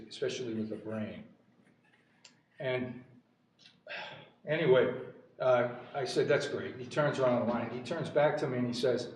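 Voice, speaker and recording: A man's voice: mid-range voice, darkish tone. A man running for school board, telling a personal anecdote as a former teacher in a candidate forum. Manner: anecdotal, storytelling, choked up at times. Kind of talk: candidate forum closing statement. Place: large hall. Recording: echoey hall, distant mic, faint noise.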